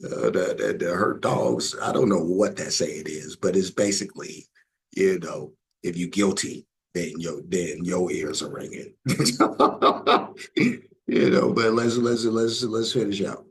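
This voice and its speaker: A man hosting a reaction video, commenting casually in a relaxed, rambling way. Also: low-pitched, measured pace, slight background noise, low-quality recording. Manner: relaxed and rambling, with many fillers.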